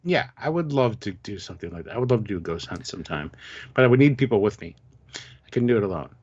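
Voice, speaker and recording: A man in his fifties co-hosting a relaxed livestream. He talks in an animated, self-mocking way, his pitch leaping around, and he laughs easily. The audio is muffled and lo-fi. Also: fast talker, husky. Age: 50s. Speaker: co-host. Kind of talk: casual livestream chat. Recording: dull lo-fi stream audio.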